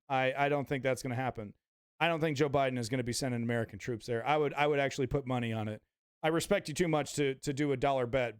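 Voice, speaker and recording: A man's voice: a little high, clear, resonant tone. A man hosting a live political stream, ranting angrily with heavy swearing and repeated phrases. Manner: angry, profane, repetitive.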